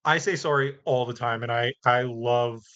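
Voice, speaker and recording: A man's voice: medium pitch, moderate pace, a bit bright, clean tone. A man hosting a podcast who talks in a rambling, thoughtful way and laughs lightly. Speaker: podcast host. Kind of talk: casual podcast conversation. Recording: slightly dull lo-fi.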